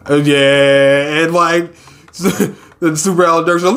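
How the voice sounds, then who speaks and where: Animated young man reading manga aloud. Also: slow. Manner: animated, laughs often, swears, acts out characters in a high squeal. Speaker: manga reaction host. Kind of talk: casual manga reaction, reading lines aloud.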